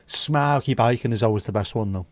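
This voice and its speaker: A man's voice: mid-range voice, brisk, no room sound. A man from the UK hosting a casual livestream, chatting and joking and reading out viewer comments. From United Kingdom. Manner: chatty, jokey, reads viewer comments aloud. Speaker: livestream host.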